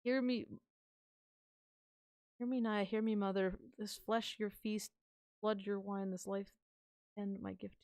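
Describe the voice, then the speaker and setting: A woman voicing a female assassin, intoning a dark prayer slowly and solemnly. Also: medium pitch, level tone, clear, resonant tone, no room sound, clean studio sound, natural voice. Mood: solemn chant.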